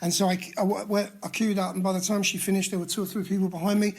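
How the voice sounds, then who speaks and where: A man's voice: sits high, flat delivery, quick pace. A man in his sixties with a London accent, sharing his story at a recovery meeting in a candid, self-mocking way, with frequent restarts. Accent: London English. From England. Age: 60s. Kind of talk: personal share at a recovery meeting. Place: meeting room.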